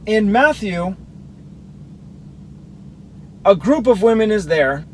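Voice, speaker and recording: A man's voice: sits high, very animated, takes it slowly, a little hiss or hum, low-quality recording. A man reading Bible verses aloud and explaining them, comparing the gospel accounts as a teacher. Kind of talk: scripture reading with commentary.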